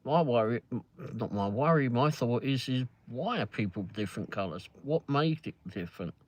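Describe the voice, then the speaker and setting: A man's voice: mid-range voice, animated, normal speed. A man with a London accent chatting casually from a car during a live ride-along, rambling with lots of fillers and swearing freely. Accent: London English. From England. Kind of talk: casual chat.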